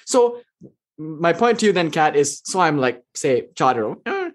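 A man giving a casual spiritual talk, telling stories and acting out quotes with big jumps in pitch. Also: very animated, a little slow. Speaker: spiritual teacher.

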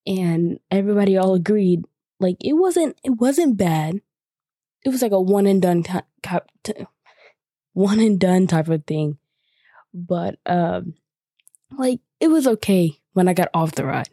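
A young woman hosts a podcast and tells a casual story full of 'like' fillers. Her voice is mellow, and the close recording is dry, with no room sound. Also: fairly low pitch, lively intonation, measured pace, no echo. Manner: chatty, lots of 'like' fillers. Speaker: podcast host.

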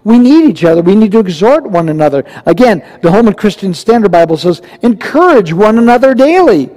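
A man's voice: sits high, big pitch swings, fairly quick, mellow. A male pastor preaching a verse-by-verse sermon in a conversational, emphatic way, often asking the congregation questions. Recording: long reverb from a large hall.

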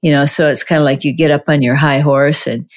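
A woman's voice: low-pitched, fairly even intonation, brisk. A woman co-hosting a casual, reflective conversation, rambling with many restarts and fillers.

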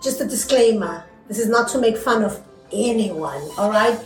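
A woman from South Africa with a South African accent, co-hosting a casual chat in a brisk, teasing way and often laughing. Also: fairly high pitch, roomy sound, distant mic, faint music behind, low-quality recording. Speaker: podcast co-host.

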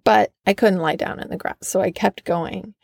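A woman's voice: mid-range voice, steady tone, normal speed, gravelly, darkish tone, dry recording, clean studio sound. A woman hosting a podcast, telling a personal story in an earnest, enthusiastic way. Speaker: podcast host.

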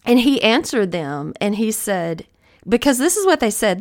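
A woman's voice: fairly high pitch, very animated, moderate pace. A woman host giving a conversational devotional Bible teaching, earnest and encouraging, often thinking aloud.

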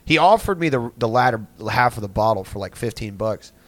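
A man's voice: medium pitch, expressive, a little fast, no echo. A young man hosting a podcast, telling a story in a rambling, profane way with lots of filler words. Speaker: podcast host. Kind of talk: casual storytelling.

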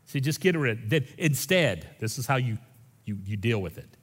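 Brief: man, pastor, lively folksy preaching, long hall reverb. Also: mid-range voice, brisk, breathy edge. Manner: folksy, animated, swings between loud and hushed. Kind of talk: sermon. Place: church sanctuary.

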